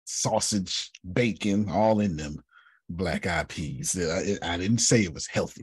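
A man's voice: deep voice, moderate pace, a little mellow, breathy edge, no echo. A man hosting an online workshop in a casual, joking teaching style, often repeating himself for emphasis, heard over a video call.

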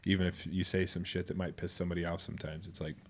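A man's voice: low-pitched, little pitch movement, fast. A man hosting a casual podcast chat, rambling and loose, swearing casually as he talks. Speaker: podcast host. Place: Boise area, United States.

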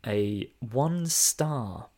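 A man's voice: medium pitch, expressive, very slow, a little mellow. A man, co-hosting a casual film review podcast, reading reviews aloud with mock emphasis and laughing often. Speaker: podcast co-host.

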